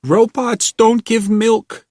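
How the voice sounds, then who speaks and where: A man voicing a frightened young jailed woman in a storybook reading, with high whimpering, hysterical cries. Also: takes it slowly, mellow, no echo, clean studio sound.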